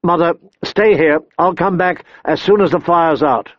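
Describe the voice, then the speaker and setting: An earnest teenage lordling, read by a male narrator, speaking low, soft and soothing to his mother. The audiobook sound is dry and a little dull. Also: unhurried, no echo. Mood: alert.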